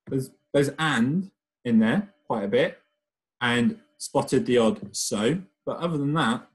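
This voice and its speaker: A man's voice: mid-range voice, low-quality recording. Man teaching a primary class. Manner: reads the story aloud with lively expression; patient, explains step by step. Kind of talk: recorded remote lesson.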